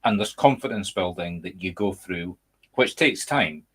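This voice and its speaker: A man's voice: low-pitched, expressive, unhurried, fairly bright tone, slightly rough. A Scottish man hosting a casual chat over a video call, speaking emphatically and candidly. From Scotland. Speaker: medium and podcast host.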